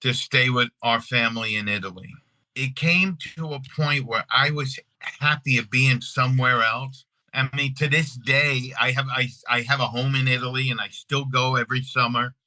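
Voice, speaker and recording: A middle-aged man from Long Island, telling family stories in a casual, animated way, often restarting his sentences. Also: mid-range voice, moderate pace, no echo, rough recording. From Long Island, New York. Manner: animated, restarts often, acts out quoted voices. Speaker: guest. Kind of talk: casual storytelling.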